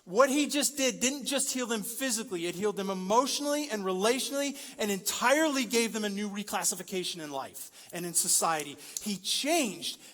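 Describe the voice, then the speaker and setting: High-voiced man preaching in a reverberant church. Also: fairly quick, few pauses, fairly bright tone. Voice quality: conversational, jokey, builds to emphatic peaks. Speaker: pastor. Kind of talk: sermon. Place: large church hall. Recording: long church-hall reverb.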